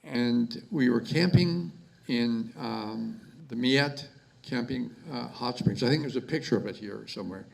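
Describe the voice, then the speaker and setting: Gravelly-voiced man giving a halting eulogy. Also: medium pitch, rough recording. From Canada. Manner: halting, repeats words, many fillers. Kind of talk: memorial speech.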